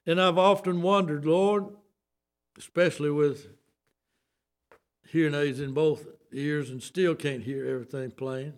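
A man's voice: fairly high pitch, steady tone, unhurried, pauses often. An older man with a Southern US accent preaching a sermon, folksy and emphatic, with homespun asides.

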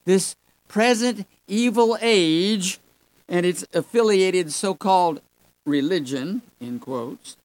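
A preacher teaching a Bible lesson at a slow, deliberate pace, leaning on key words by saying them twice over. The listeners get called folks. The sound is dry, with no room echo. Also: medium pitch. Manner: emphatic, repeats key words for stress. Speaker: Sunday school preacher.

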